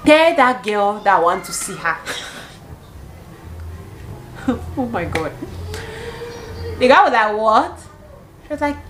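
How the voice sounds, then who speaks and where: A young woman from Cameroon in her twenties, telling a storytime vlog with animated storytelling and bursts of laughter. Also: mid-range voice, low-quality recording. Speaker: vlogger.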